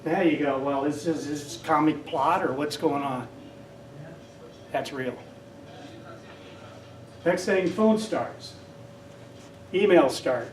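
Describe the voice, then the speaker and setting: A man's voice: a little high, slow pace, pauses often, slight background noise. An older man giving a casual lecture and telling rambling stories. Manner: rambling storyteller, acts out quoted voices. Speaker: guest speaker. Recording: echoey hall from far off.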